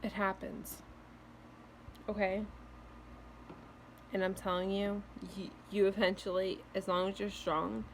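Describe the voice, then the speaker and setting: A woman's voice: mid-range voice, little pitch movement, unhurried, long pauses, slight background noise. A young woman vlogging casual, earnest breakup advice, reassuring and full of "like" fillers, with hiccups now and then. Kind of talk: casual heartfelt advice to camera.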